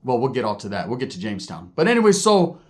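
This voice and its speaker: A man's voice: medium pitch, wildly swooping pitch. A man telling prison stories in casual, profane slang, dropping in Spanish words and acting out other people's lines. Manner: acts out other people's lines in quick voices. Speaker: storyteller recounting prison life. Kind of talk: casual storytelling.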